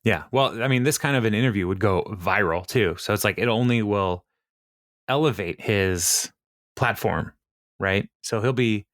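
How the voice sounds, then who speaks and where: A man's voice: fairly low pitch, normal speed, fairly bright tone, dry recording, clean studio sound. A man co-hosting a podcast, casually retelling a TV episode scene by scene, with lots of fillers and laughing as he quotes the characters. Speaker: podcast co-host recapping an episode.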